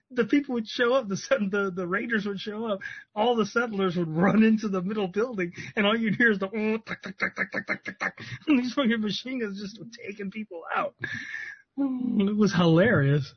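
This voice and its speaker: A man co-hosting a podcast, telling animated, profane stories and laughing as he talks. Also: sits high, breathy edge, no room sound. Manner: animated storyteller, swears, laughs a lot. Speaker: podcast co-host. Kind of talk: casual chat. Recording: dry, dull lo-fi sound.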